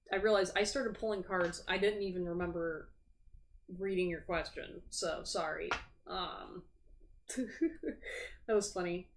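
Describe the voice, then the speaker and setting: A woman hosting a live tarot stream in a loose, rambling way, sympathetic to her viewers with a sassy edge. She talks frankly and swears without hesitation, with a voice of middling pitch for a woman. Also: a little hiss or hum. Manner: chatty, frank, swears freely. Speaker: tarot reader and livestream host. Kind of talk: casual livestream chat. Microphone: streaming setup.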